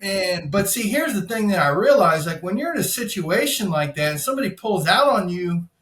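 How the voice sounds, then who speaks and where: A man's voice: high voice, a little fast, roomy sound. A man telling a wild story on a podcast, swearing a lot and acting out what people said. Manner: profane, animated storytelling, acts out quotes. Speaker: podcast guest, insurance broker. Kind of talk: casual storytelling.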